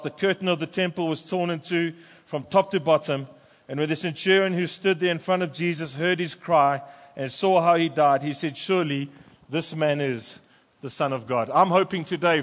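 A pastor preaching a sermon and reading scripture aloud with fervent emphasis in a church. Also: male voice, a little high, fairly bright tone. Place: church sanctuary. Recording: long church reverb.

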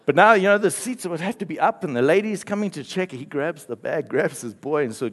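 A male pastor delivers a sermon. He tells a story with playful asides and chuckles between lines. His pitch sits in the ordinary middle range for a man. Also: expressive, normal speed, a bit bright.

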